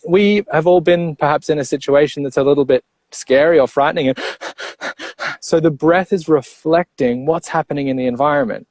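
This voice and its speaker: A man coaching on breathing, explaining step by step in a clear, teacherly way and checking in with the listener as he goes. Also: a little high, darkish tone, no room sound. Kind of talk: explanatory interview talk.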